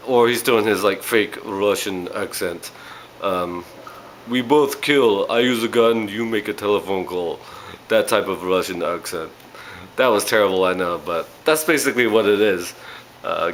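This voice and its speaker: Guy w a lowish voice doing a chatty movie review, lots of ums and uhs, kinda rambly. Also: fairly bright tone, slight background noise, poor audio. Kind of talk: casual spoken movie review.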